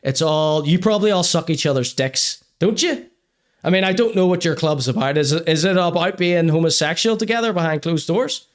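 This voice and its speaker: A man's voice: a little high, a little fast. A man hosting a live-streamed comedy show, ranting crudely in mock seriousness and then apologising over and over. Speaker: podcast host. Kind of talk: live-streamed comedy rant and chat reading.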